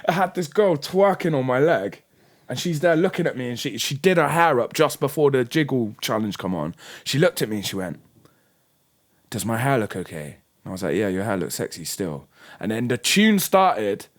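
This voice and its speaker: Speaking a little fast in a medium-pitched voice, a young man co-hosting a podcast tells stories in casual conversation. His storytelling is lively, with lots of slang, swearing, and voices he acts out.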